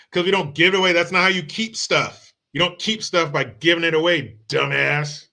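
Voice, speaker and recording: A man's voice: a little high, fairly even intonation, normal speed, creaky, hardly any pauses, sharp tone. A man hosting a livestream, ranting about politics in a mocking, combative and profane way. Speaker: political commentary host. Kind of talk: casual political rant. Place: home streaming setup.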